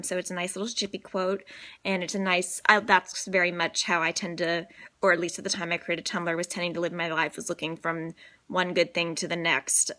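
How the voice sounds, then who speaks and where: A woman's voice: on the low side, sharp tone. Chatty young woman with a light Southern lilt. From New Orleans, Louisiana. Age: 20s. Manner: chatty, rambling, sleepy and self-deprecating. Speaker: vlogger. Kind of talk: casual accent-tag vlog. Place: in bed at home. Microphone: phone at arm's length.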